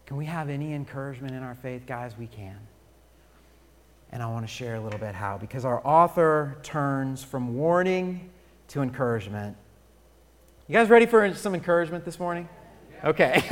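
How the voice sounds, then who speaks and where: A pastor preaching a sermon in a church, moving between hushed, pleading warnings and loud, rousing encouragement. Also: male voice, mid-range voice, long reverb tail. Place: church sanctuary.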